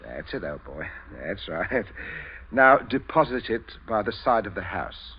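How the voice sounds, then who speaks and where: A chuckling, menacing middle-aged father, gives orders with smooth good cheer and a lively, swooping voice. He sounds like a 1940s radio drama heard through a dull old broadcast. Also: fairly low pitch, a little slow, full character voice. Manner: chuckling, calmly commanding.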